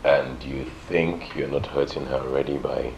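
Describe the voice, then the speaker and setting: A man's voice: extremely low pitch, steady tone, normal speed, creaky, a little mellow, a little hiss or hum. An actor playing a young man bitter about his girlfriend's betrayal, questioning his friend in a film drama. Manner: resentful, probing.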